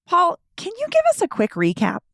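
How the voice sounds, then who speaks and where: A woman's voice: extremely high pitch, huge pitch swings, fairly quick, vocal fry, no room sound, clean studio sound. A woman hosting a podcast, reading scripted narration with a pointed, dramatic delivery. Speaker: podcast host.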